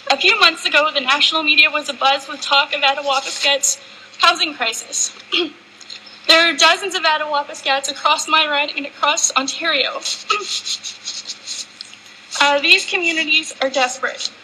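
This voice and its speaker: A woman's voice: high voice, steady tone, normal speed, long pauses, bright, forceful tone, slight background noise, low-quality recording. A woman legislator giving an earnest, impassioned formal speech in a legislative chamber. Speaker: provincial legislator.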